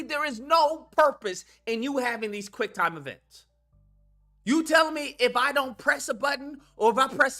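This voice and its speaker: A man ranting in casual chat, reading chat comments aloud, animated and profane, repeating himself for emphasis. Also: extremely high pitch. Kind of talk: heated casual rant.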